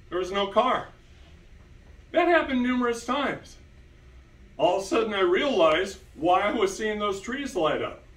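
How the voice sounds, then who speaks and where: A man giving an animated storytelling talk to an audience, emphatic and repeating key words. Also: sits high, roomy sound, distant mic, poor audio. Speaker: speaker presenting to an audience.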